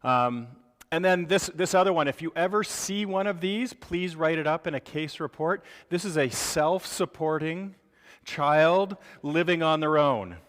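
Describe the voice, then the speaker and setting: Animated joking man lecturing in a hall. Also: a little high, unhurried. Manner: animated, joking, acts out crying parents. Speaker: medical lecturer. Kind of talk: live lecture to clinicians.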